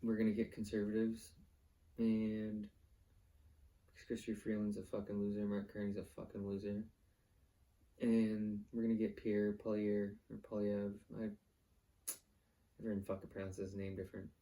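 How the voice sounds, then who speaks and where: Profane rambling man, dark flat voice. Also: lowish voice, moderate pace, pauses often. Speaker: vlog host. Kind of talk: casual ranting monologue.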